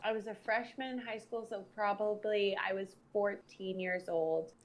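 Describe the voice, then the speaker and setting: Speaking at a normal speed in a level, medium-pitched voice, this twenty-something sex educator hosts a casual podcast chat. She's blunt and sassy and swears heavily.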